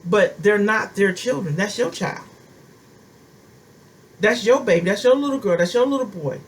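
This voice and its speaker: A woman's voice: medium pitch, moderate pace. A middle-aged woman prophetess preaching a sermon, impassioned and driving her points home with emphatic repetition.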